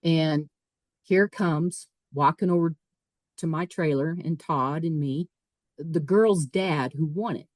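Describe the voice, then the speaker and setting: Middle-aged woman guest, low voice, dry close sound; emphatic storyteller who repeats herself. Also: takes it slowly, no echo. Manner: emphatic, repeats phrases, quotes her own thoughts aloud. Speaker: podcast guest. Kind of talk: personal storytelling.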